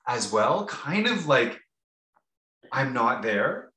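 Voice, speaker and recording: A man's voice: lowish voice, sing-song, slow pace, pushed and bright. A man co-hosting a podcast, telling a rambling, casual story with many restarts and fillers. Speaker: podcast co-host. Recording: roomy echo.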